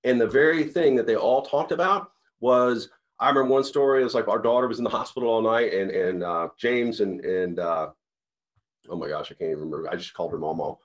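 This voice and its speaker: A man's voice: fairly low pitch, fairly quick. Earnest rambling man giving a pep talk. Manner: earnest, rambling storyteller with many restarts. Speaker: company CEO. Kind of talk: motivational talk to sales reps.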